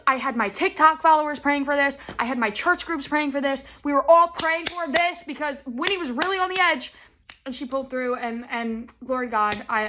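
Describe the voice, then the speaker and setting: A young woman chats on her podcast, her voice bright and sitting a bit high. She rambles through her stories with lots of animated asides and acts out what everyone said along the way. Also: a little hiss or hum. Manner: rambling, animated storytelling with acted-out quotes. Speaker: podcast host. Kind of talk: casual chat.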